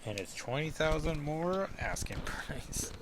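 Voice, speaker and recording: A man's voice: a little high, big pitch swings, measured pace, background noise. A man hosting a casual comic book review podcast, rambling and self-deprecating with lots of asides.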